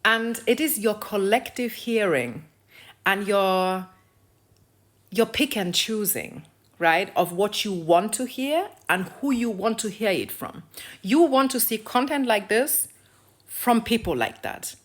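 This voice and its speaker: Casting: young woman from Africa, mid-pitched voice, blunt and profane, lecturing rant to camera. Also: lively intonation, takes it slowly. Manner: lecturing, repeats phrases for emphasis. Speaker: video creator. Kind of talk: ranting social commentary vlog.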